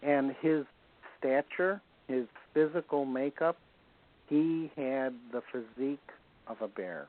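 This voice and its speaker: A man's voice: mid-range voice, slow pace. A man, a guest on a show, telling anecdotes in a casual way and chuckling now and then. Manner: chuckles while telling stories. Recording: tinny phone-like line.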